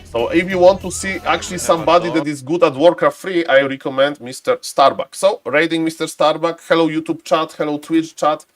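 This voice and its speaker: A man streaming and commentating a strategy game match live, chatty and excitable, breaking into sudden high shouts and greeting viewers by name. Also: brisk, few pauses, soft background music.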